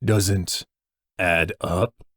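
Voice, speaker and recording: A man's voice: fairly low pitch, unhurried, dry recording, studio quality. A man voicing a big, scornful male rival who speaks with sneering impatience. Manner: sneering and sharp.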